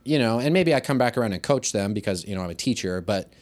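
A high school teacher co-hosting a podcast, talking casually and thinking aloud with frequent restarts. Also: male voice, expressive, fast, a little mellow. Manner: easygoing, acts out quoted lines in a livelier voice. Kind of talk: casual conversation.

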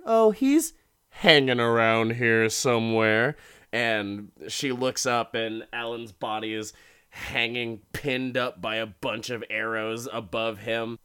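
A man's voice: lowish voice, clear, resonant tone. A young man casually recapping a horror episode, swearing freely and laughing as he retells it. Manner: profane, animated, laughs while retelling.

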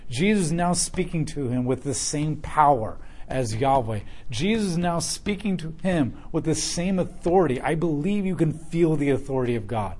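A man preaching a sermon in an earnest, emphatic, conversational way, with a husky voice. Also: on the high side, lively intonation, normal speed, hardly any pauses, a little mellow.

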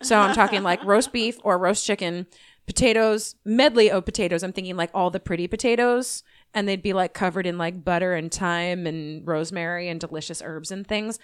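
A woman's voice: on the low side, a little fast, clean tone. A woman in her thirties co-hosting a podcast, talking in an enthusiastic, rambling way with lots of fillers. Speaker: podcast co-host. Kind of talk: casual chat.

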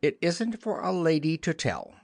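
A man's voice: on the high side, huge pitch swings, normal speed, creaky, no echo, studio quality, pitched above the performer's own voice, heavily acted. A man voicing a prim, motherly young girl who talks in a earnest, lightly scolding way.

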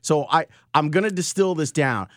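A man's voice: fairly high pitch, expressive, no room sound, studio quality. A man in his forties hosting an interview and asking casual questions. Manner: conversational, halting with restarts. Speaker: podcast host.

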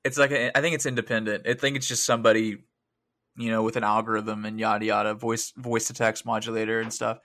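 A man co-hosting a casual gaming podcast, excitable, laughing and swearing casually as he talks. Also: on the low side, quick pace. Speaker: podcast co-host.

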